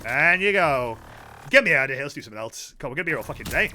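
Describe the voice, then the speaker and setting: A man's voice: medium pitch, expressive, rapid-fire, pushed and bright, soft background music. A man chatting casually to his viewers while playing a game, telling rambling stories and swearing a lot. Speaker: game streamer. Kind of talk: casual live-stream chat while gaming.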